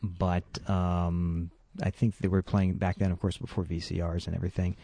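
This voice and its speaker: A man's voice: low voice, little pitch movement, normal speed, creaky, mellow, no room sound. A man from Quebec chatting casually in a group film commentary, rambling and playful.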